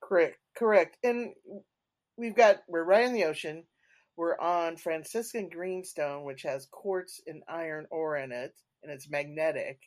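A woman's voice: low-pitched, unhurried, darkish tone. A woman being interviewed as a paranormal investigator, recounting her experiences casually and unhurriedly, with fillers and restarts. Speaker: podcast guest, paranormal investigator.

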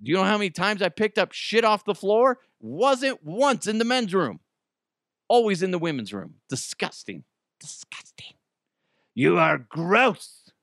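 A man's voice: high voice, normal speed, no room sound, clean studio sound. A man hosting a comedy news podcast, talking in a casual joking way with sudden swearing outbursts, at home. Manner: animated, swears, jokey outbursts. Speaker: podcast host.

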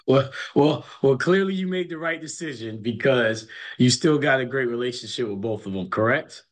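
A man's voice: medium pitch, moderate pace. A middle-aged man, a college basketball coach, telling stories emphatically in a casual interview and repeating words as he builds a point.

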